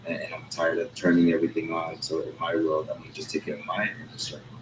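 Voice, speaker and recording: A man's voice: extremely low pitch, monotone, fast, noisy background. A man hosting a casual chat, rambling and streetwise, talking in loose asides.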